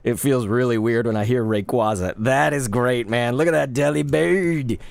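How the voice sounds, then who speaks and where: A man in his thirties chatting casually while opening trading cards live, laid-back and quick to get excited. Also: mid-range voice, creaky, no room sound. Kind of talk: live card-opening stream chat.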